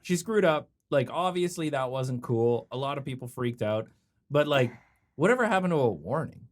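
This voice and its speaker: Lively joking middle-aged Canadian man. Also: medium pitch, moderate pace. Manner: joking, playful teasing. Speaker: comedian podcast host. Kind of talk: casual podcast chat.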